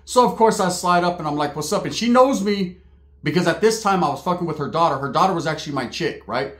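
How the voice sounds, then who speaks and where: Man, comic storyteller, crude slangy delivery, higher register. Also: expressive, fast talker. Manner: slangy, crude, laughing asides. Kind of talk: comedic storytelling. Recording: roomy echo.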